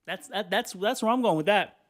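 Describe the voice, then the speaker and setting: A man in his twenties ranting on his own podcast, swearing freely in animated casual talk. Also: high voice, a little fast. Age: 20s. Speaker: podcast host. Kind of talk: solo podcast rant.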